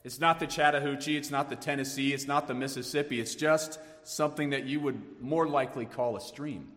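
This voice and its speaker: A man preaching a sermon, swinging from hushed tones to emphatic rises. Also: mid-range voice, steady tone, brisk, long reverb tail. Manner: dynamic preaching, dropping to hushed tones then rising emphatically. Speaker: pastor.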